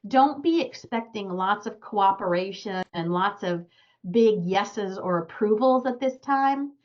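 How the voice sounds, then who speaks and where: A woman's voice: medium pitch, animated, a little slow, highs cut off. Earnest woman astrologer giving webinar advice. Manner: earnest, advising listeners directly. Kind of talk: webinar talk.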